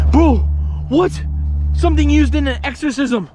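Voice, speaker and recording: Thirties man exploring woods on a handheld camera, high and lively, jokey and excitable. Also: normal speed, long pauses, over music. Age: 30s. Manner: excitable, rambling, swearing, jokey. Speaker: paranormal explorer vlogger. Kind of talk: casual outdoor vlog. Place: woods outdoors.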